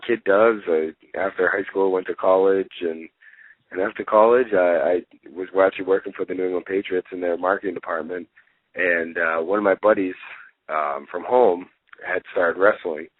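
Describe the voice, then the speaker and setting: A man in his twenties, a guest on a radio talk show, telling stories in a relaxed way with lots of fillers. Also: low-pitched, dry recording. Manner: relaxed storytelling, many fillers, laughs easily. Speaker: guest wrestler. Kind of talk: casual interview. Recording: dry, tinny phone line.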